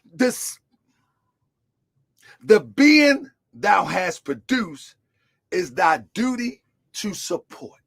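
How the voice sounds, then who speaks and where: A man with a strikingly high voice delivers a sermon as a religious teacher. He punches key words with shouted emphasis, then drops to low, quiet asides. He keeps asking his listeners to call back answers. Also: big pitch swings, extremely slow, vocal fry, pauses often. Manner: call-and-response questions to listeners.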